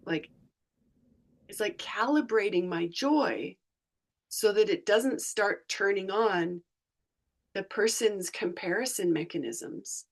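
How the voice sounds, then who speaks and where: A woman in a reflective conversation over a video call, thinking aloud and searching for her words. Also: medium pitch. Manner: slow, thoughtful, searching for words. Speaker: joy research facilitator.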